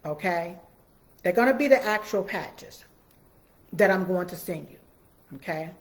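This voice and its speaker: A woman's voice: lowish voice, animated, measured pace. A woman hosting a casual live stream from her home computer, chatting folksily with viewers. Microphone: computer mic.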